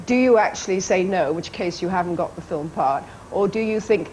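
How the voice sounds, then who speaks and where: Low-voiced woman telling anecdotes. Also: brisk, few pauses, darkish tone, rough recording. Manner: amused storytelling, playful quoted voices, light laughs. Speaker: actress and guest. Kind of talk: chat show interview, telling anecdotes. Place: TV studio. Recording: archive TV broadcast with faint background noise.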